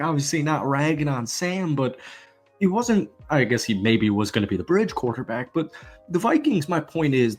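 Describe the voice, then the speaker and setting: A man hosting a football channel, giving an energetic, emphatic sports commentary rant. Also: on the high side.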